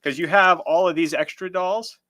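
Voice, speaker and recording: A man's voice: high voice, moderate pace, bright, forceful tone, dry recording. Man, magic show co-host, casual chat, rambling with restarts, dry mic. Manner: rambling, restarts often, laughs easily. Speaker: podcast co-host.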